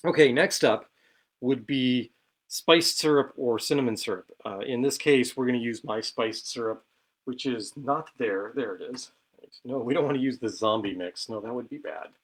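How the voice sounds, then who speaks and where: A man's voice: mid-range voice, normal speed. A man hosting a casual cocktail show from his home bar, chatty and self-deprecating as he talks through each step while mixing.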